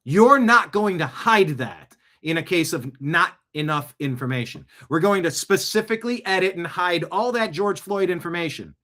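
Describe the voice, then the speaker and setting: A man's voice: sits high, expressive, moderate pace, hardly any pauses, sharp tone. A man hosting an online talk show, ranting sarcastically as he reacts to news clips. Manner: talks back at what he watches. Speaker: host. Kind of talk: political commentary reacting to clips.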